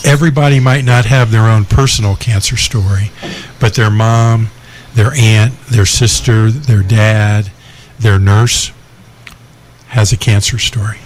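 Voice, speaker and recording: A man speaking in a reflective, thoughtful way, pausing with fillers as he gathers his words. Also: fairly low pitch, fairly even intonation, slight background noise. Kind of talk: reflective conversational talk.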